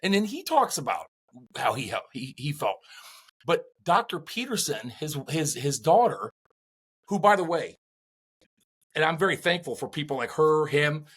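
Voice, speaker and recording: Husky-voiced middle-aged podcast co-host, slightly high, rambling with restarts. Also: male voice, normal speed, long pauses. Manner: animated, rambling with many restarts. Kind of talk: casual chat.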